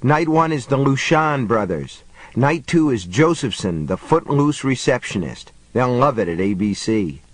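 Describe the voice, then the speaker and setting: A man's voice: mid-range voice, very animated, a little slow, no echo. A man voicing a flippant, sarcastic grown man who talks in a theatrical, mocking way. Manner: sardonic, theatrical.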